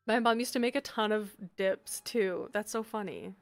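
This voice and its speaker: Canadian girl streaming and chatting w chat, middle pitch, dry close mic, quiet music behind. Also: normal speed, no room sound. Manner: chatty, reads chat aloud and reacts with sudden bright exclamations. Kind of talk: casual live-stream chat.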